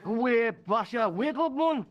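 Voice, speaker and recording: An actor playing a drunken male Geordie football fan in a video game, loud, matey and slurring. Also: extremely high pitch, expressive, unhurried, lo-fi sound. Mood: boozy banter.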